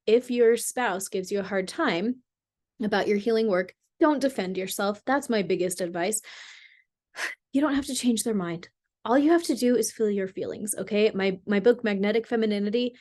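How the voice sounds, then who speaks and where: A woman's voice: mid-range voice, a little mellow. A woman talking casually to camera as a spiritual vlogger, chatty and loose with many fillers and restarts.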